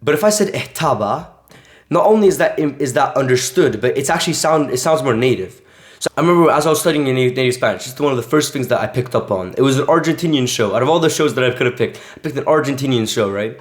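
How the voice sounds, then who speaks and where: A man's voice: medium pitch, lively intonation, fast. A young man teaching casually in a vlog, rambling with lots of filler words. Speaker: language coach. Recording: echoey room.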